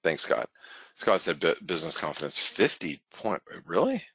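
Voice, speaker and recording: Very deep-voiced man, rambling market talk. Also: moderate pace, sharp tone, breathy edge, dry recording. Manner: rambling, self-correcting, with frequent restarts. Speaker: forex market analyst, webinar host. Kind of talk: casual live market commentary.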